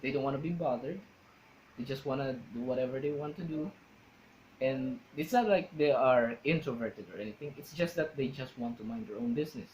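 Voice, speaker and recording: A man's voice: medium pitch, fairly quick, darkish tone, a little hiss or hum, poor audio. A man vlogging casually, rambling and searching for words as he explains.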